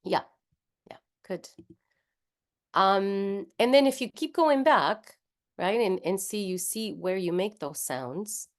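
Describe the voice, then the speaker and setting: A woman's voice: medium pitch, animated, slow pace. A woman with a Spanish accent, leading an online voice workshop over a video call and patiently demonstrating speech sounds aloud as she explains them. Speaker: voice workshop leader.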